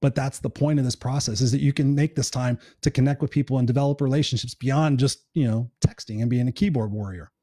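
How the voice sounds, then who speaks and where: A man's voice: medium pitch, quick pace, few pauses, warm tone, dry recording, studio quality. A middle-aged man hosting a live show in casual chat, earnest and encouraging, swearing now and then.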